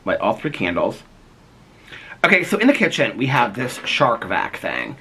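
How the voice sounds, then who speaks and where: A man's voice: mid-range voice, wildly swooping pitch, moderate pace, sharp tone, a little hiss or hum. A man vlogging casually from home on a handheld phone, rambling with lots of fillers and frequent laughter. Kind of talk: casual chat. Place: his home, indoors.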